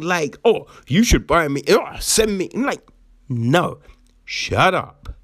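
A man in casual chat, laughing often and swearing through animated rants. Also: mid-range voice.

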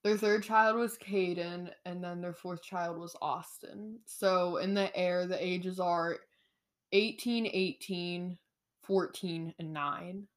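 A woman's voice: on the low side, steady tone, slow pace. A young woman co-hosting a casual podcast, retelling a book's scenes with a giggle and acting out the characters' lines. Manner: giggly, says "like" a lot. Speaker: podcast co-host. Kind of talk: casual book chat.

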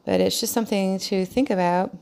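A woman's voice: mid-range voice, steady tone, fairly quick, vocal fry, darkish tone, smooth. A middle-aged woman who works as a hairdresser, hosting her own podcast in a casual, rambling way with many fillers and restarts. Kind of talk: casual solo podcast talk.

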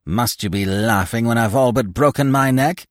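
A man's voice: medium pitch, huge pitch swings, slow pace, fairly bright tone, no echo, clean studio sound, voice pushed up, full character voice. A man voicing an injured, whining male stage comedian who groans and complains. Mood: snappish.

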